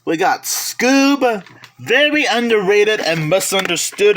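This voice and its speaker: A man with a high, bright voice talks slowly through his collection at home. He names item after item in an unhurried, chatty way, often stopping to correct himself and add a side remark. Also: expressive, slight background noise. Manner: slow, chatty listing with self-corrections and asides. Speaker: collector vlogger. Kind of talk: casual show-and-tell of a collection.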